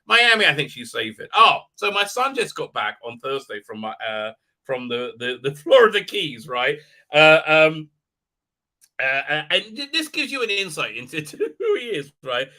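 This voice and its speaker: Animated, very bright-voiced middle-aged man. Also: fairly high pitch, normal speed. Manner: rambling, animated, with many restarts. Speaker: livestream host. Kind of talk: casual live-stream chat, reading viewer comments.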